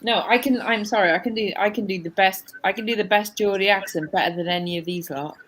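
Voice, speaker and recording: A woman's voice: mid-range voice, fast talker, a bit bright. A woman with a Northeast English accent joking around in a video call. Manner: joking, playful banter.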